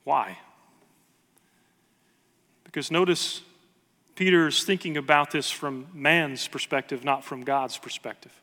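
A man's voice: fairly high pitch, slow, long pauses, bright, forceful tone, big-room sound. A man preaching a sermon with earnest emphasis, reading scripture aloud to his congregation. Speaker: pastor.

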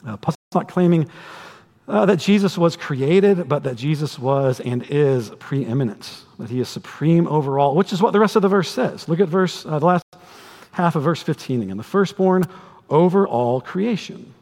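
A man preaching a sermon to a congregation, conversational and animated, with humorous asides. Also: on the high side, normal speed. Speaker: pastor. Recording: long hall reverb.

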